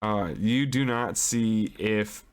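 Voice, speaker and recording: A man's voice: on the low side, takes it slowly, noisy background. A man narrating a tabletop role-playing game as its game master, in a rambling, hesitant way.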